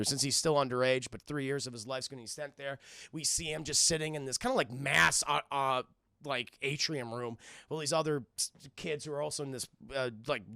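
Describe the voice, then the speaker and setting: A young man casually recapping a cartoon episode for a live stream chat, excitable, laughing often and tripping over his words. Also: on the high side, creaky, clear, resonant tone, no room sound, studio quality.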